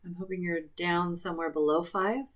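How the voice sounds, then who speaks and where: A woman coaching a guided tapping session, calmly repeating affirmations. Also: fairly low pitch, moderate pace. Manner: calm, repetitive affirmation phrasing.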